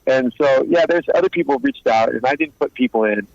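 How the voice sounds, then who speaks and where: A former mobster turned informant and author, a man in his fifties, tells blunt, streetwise stories as a guest in a relaxed interview, acting out both sides of the conversations he quotes. His ordinary-pitched voice moves a little fast with vocal fry. The sound is dull and lo-fi, dry and close with no echo.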